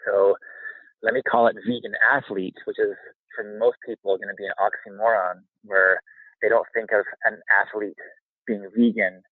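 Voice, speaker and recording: A man in his thirties rambles eagerly through a casual interview while sitting outside by a campfire in the freezing cold, his voice a bit shaky from the chill. His voice is on the low side and sounds husky. The whole thing comes through a thin, tinny, phone-like line. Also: normal speed, dry recording. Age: 30s. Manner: rambling, energetic, with fillers. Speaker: guest. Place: outdoors by a campfire in freezing weather.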